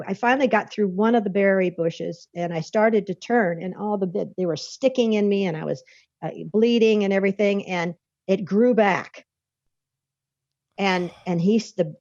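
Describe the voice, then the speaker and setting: A woman's voice: medium pitch, normal speed, darkish tone, no echo. A woman guest recounting a personal experience in an interview, a vivid storyteller who laughs often and restarts her sentences. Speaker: author and podcast guest. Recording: dull lo-fi dry recording.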